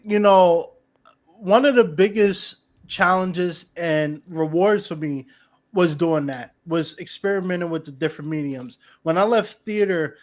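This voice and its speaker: Animated podcast host, slightly high voice. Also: male voice. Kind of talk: casual interview chat.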